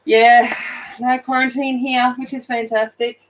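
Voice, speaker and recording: A woman's voice: a little high, level tone, a little slow, poor audio. Australian woman, sleepy, casual livestream chat, greets viewers by name, phone mic. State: sleepy, just woken up. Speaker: livestream host. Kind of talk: casual chat while colouring.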